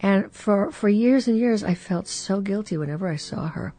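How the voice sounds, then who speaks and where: A woman in her eighties, a guest actress telling stories in an expressive, animated way in a casual conversation. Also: mid-range voice, normal speed. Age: 80s. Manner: animated storyteller, warm and expressive. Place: host's garage studio.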